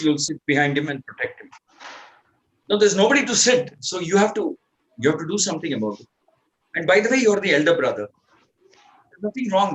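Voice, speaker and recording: A man's voice: on the high side, fairly bright tone, low-quality recording. A man voicing a queen mother who pleads and argues persuasively, in a spoken story from a scripture class.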